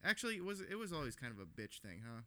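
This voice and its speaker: A man's voice: medium pitch, very animated, rapid-fire, pushed and bright, no echo. A young man co-hosting a podcast, rambling and swearing with lots of laughs in casual chat. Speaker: podcast co-host.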